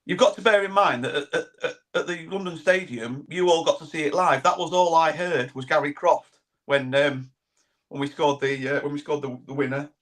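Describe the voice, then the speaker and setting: A man's voice: fairly high pitch, normal speed, a bit bright. A man on a fan podcast panel chatting casually, rambling and repeating words. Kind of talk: casual chat.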